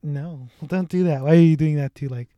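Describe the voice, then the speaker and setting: A man's voice: fairly high pitch, fairly quick, mellow, dry recording. A man casually chatting about movies with a friend, laid-back and joking, swearing now and then.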